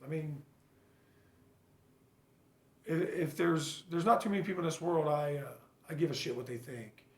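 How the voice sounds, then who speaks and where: Blunt, gravelly-voiced man in an echoey room. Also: fairly high pitch. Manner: blunt, earnest, swears freely; halting, full of fillers and restarts. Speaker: father sharing his recovery story. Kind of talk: casual personal vlog monologue.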